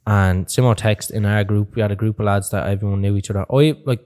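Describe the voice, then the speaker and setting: A young man, an animated storyteller who swears freely and laughs a lot while chatting as a podcast guest. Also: on the low side, quick pace. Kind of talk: casual chat.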